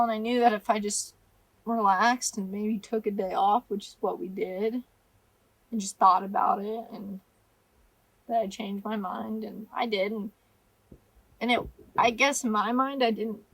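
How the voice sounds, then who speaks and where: A young adult woman rambling through a casual interview, halting often and laughing as she talks. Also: medium pitch, fairly bright tone, dry recording, rough recording. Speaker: climber telling her story.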